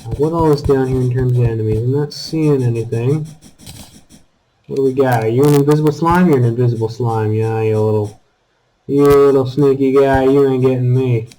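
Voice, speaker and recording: A man giving casual commentary over his own gameplay, taunting enemies and breaking into high exclamations. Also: brisk, slight background noise, rough recording. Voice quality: calls his own voice squeaky. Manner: animated, talks to enemies, jumps to high exclamations. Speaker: gaming channel host.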